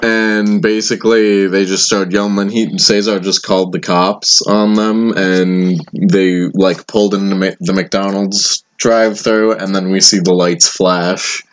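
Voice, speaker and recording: A man's voice: deep voice, little pitch movement, a little slow, few pauses. A young man co-hosting a casual podcast, telling a story in a laid-back, offhand way. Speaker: podcast co-host.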